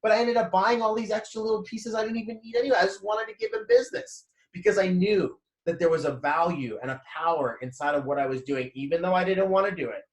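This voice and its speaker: A motivational vlogger in his thirties walks while giving a candid personal monologue about his past, swearing freely and acting out old conversations. His voice sits high and he talks fast with few pauses. The sound is reverberant.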